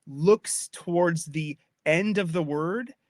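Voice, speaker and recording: A man's voice: a little high, slow, no echo, studio quality. A man giving a casual spoken lecture as a podcast host, chatty and a little tipsy from wine, often repeating and restarting his phrases and checking that his listener follows. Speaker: podcast host explaining Old English poetry.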